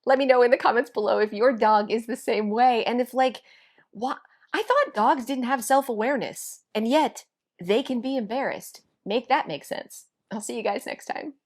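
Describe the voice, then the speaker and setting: A woman's voice: on the high side, normal speed. A woman hosting a home organizing video, talking to viewers in an earnest, chatty way. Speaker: home organizing channel host. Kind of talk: casual chat.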